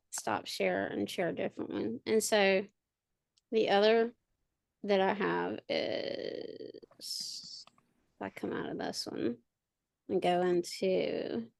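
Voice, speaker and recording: A woman who co-hosts a podcast and is a parent chats casually on a video call, rambling with lots of fillers and restarts. Her voice is medium-pitched and creaky, with no echo.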